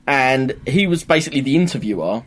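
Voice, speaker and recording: A man's voice: medium pitch, fairly quick. Young guy rambling in a podcast chat, voice bouncing all over. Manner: animated, rambling, laughs often. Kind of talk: casual chat.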